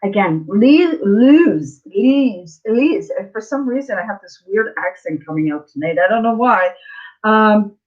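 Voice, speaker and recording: A woman's voice: mid-range voice, lively intonation, normal speed, muffled recording. Woman chatting loosely on a spiritual live stream. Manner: rambling, repeats herself, asks "right?" often. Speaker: tarot reader hosting a live stream. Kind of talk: casual spiritual talk to viewers.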